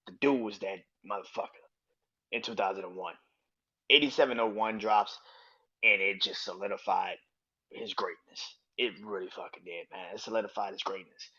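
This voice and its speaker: Profane, excited man hosting a podcast. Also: fairly low pitch, normal speed, breathy edge, dull audio. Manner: loose, profane, enthusiastic, laughs often. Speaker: podcast host. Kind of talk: casual solo podcast monologue.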